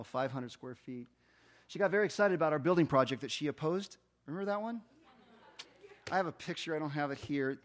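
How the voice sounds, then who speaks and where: A middle-aged man preaching as a pastor, telling a story and acting out the dialogue. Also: a little high. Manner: animated storyteller, acts out dialogue. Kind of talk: sermon storytelling.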